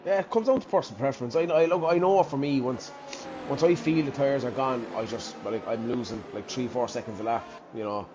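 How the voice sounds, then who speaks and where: A man commentating a sim race live, voice at an ordinary pitch. He thinks aloud, restarts sentences and lets them trail off. A steady hiss of noise sits under the recording. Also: fairly quick, lo-fi sound.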